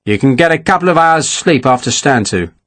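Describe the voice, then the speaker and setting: A man's voice: medium pitch, expressive, brisk, fairly bright tone, natural voice. A man voicing a battle-hardened army captain who talks in a dry, clipped, matter-of-fact way in an audiobook.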